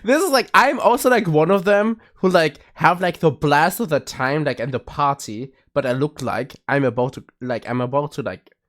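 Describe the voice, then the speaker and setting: A man's voice: on the high side, normal speed, hardly any pauses, a bit bright. A young man chatting casually with his stream viewers, rambling with many restarts and laughs. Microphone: streaming mic.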